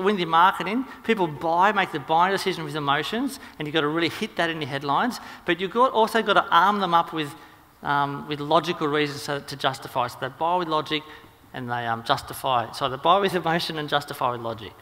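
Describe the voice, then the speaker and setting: Aussie guy talking fast at a seminar, bright edgy voice, lots of hall reverb. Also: a little high. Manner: rapid, energetic, lots of ums and restarts. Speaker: marketing seminar speaker. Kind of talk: seminar presentation.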